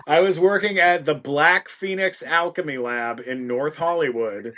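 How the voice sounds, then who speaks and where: A man, an interview guest, telling an anecdote in an animated, self-mocking way. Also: a little high. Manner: animated, quick storytelling with self-mocking asides. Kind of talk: anecdotal storytelling.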